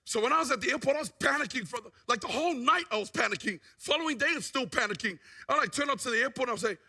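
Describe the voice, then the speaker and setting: Testimony speaker: man, very high and bright voice, lively storyteller. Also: rapid-fire, gravelly, husky. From New Zealand. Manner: animated storyteller who acts out what people said. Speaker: guest speaker giving a testimony.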